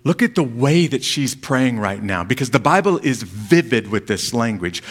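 Male pastor, earnest sermon, pleading tone, loud surges, soft low phrase endings. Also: very animated, moderate pace, hardly any pauses, husky. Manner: earnest, pleading preaching that swells when reading scripture.

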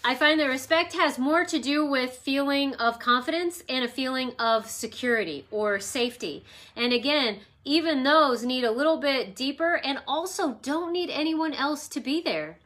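Woman hosting a wellness talk from home, kinda high bright voice, rambly and reflective, chatty storytelling. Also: moderate pace. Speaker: host of an emotional wellness talk. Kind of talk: casual spoken teaching with personal stories. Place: at home with her dog nearby.

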